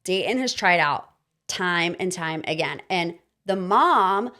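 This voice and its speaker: A woman in her thirties hosting a podcast, giving casual pop-culture commentary in an animated, sarcastic, ranting manner. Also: lowish voice, takes it slowly. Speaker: podcast host.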